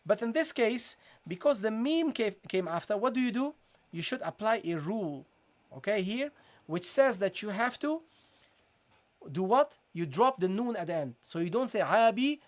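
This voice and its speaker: A tajweed teacher walks through recitation rules in a live online lesson, circling back over each point. The teacher checks in often with the viewers and slows right down to draw out the recited examples. The voice sits at an ordinary middle pitch. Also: lively intonation. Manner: repeats points, keeps checking in with "okay?" and "guys"; switches between English explanation and slow, drawn-out recited demonstrations.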